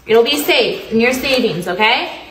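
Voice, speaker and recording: A woman's voice: fairly high pitch, animated, moderate pace, fairly bright tone, voice pushed down. A young woman playing an exasperated, bossy mother in a comedy sketch, snapping orders impatiently. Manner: impatient, sighing, snaps orders. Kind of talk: comedy sketch role-play.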